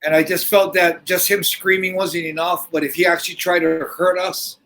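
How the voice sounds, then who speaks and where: A middle-aged man telling a story in casual podcast talk, animated and swearing freely, often restarting his sentences. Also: sits high, normal speed, slight background noise, low-quality recording. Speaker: podcast host.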